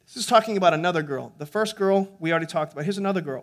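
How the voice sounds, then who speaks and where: A man's voice: sits high, very fast. A man preaching a sermon as pastor, in a conversational way that builds to emphatic, with frequent restarts and repeated words.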